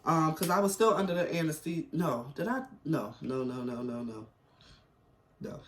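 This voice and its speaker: A middle-aged man chatting through a personal story, wandering and loose, full of slang and filler words. His voice sits a little high for a man. The room around him is echoey, with a faint hum in the background. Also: moderate pace. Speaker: vlogger. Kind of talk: casual storytelling chat. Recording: roomy echo.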